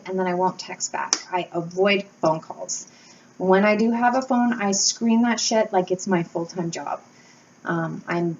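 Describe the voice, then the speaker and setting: A woman, chatting candidly to camera from home as a YouTuber, telling stories with lively energy and casual swearing. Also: mid-range voice. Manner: candid, animated storytelling with swearing and laughs. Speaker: wax-melt YouTuber and blogger. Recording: slightly dull home recording with faint background noise.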